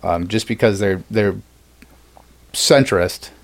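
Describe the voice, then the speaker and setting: A man's voice: fairly low pitch, slow pace. A man hosting a podcast in casual chat, talking loosely with swearing and acting out quoted lines. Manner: loose and profane, acts out quotes. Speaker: podcast host.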